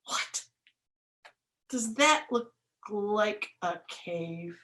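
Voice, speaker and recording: A young woman reading a picture book aloud to children, animated, with gasps, laughs and questions to her listeners. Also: mid-range voice, very slow, pauses often. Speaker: museum educator reading to children. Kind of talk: storytime read-aloud.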